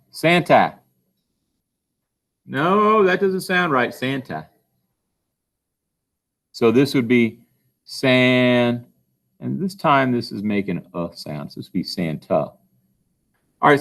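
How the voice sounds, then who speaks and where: Here a man with a mid-range, somewhat bright voice teaches phonics in a recorded classroom lesson. Patiently, he asks his own questions and answers them too.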